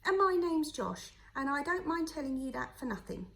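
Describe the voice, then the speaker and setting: A woman voicing a kindly rough boatman with a strange accent. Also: high voice, very animated, fairly bright tone, heavily acted. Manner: friendly, slow, musing.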